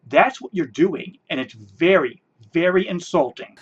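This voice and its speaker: A man's voice: a little high, a little slow, slightly rough, muffled recording. A man ranting in a response video, sarcastic and scornful, mocking the person he answers. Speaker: video commentator.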